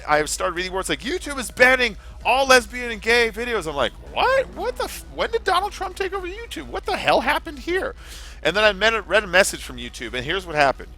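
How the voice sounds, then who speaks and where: A young man chats loosely while streaming a game, his pitch jumping up and down as he rambles. His voice is bright and forward, with a swear tossed in here and there. Faint music and game sounds run underneath. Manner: rambling, swears freely, reads chat aloud. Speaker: gaming livestream host. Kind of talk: casual livestream chat over gameplay.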